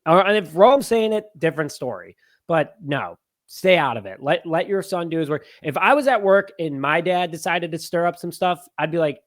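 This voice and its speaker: A man's voice: on the high side, expressive, moderate pace. Blunt guest on a sports podcast, man. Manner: blunt, exasperated opinions. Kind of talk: casual sports chat.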